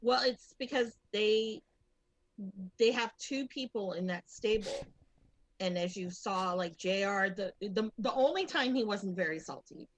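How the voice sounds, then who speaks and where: A woman's voice: medium pitch, measured pace, no room sound, rough recording. A woman co-hosting a casual podcast, rambling through confident opinions with many restarts. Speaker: podcast co-host. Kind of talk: casual chat.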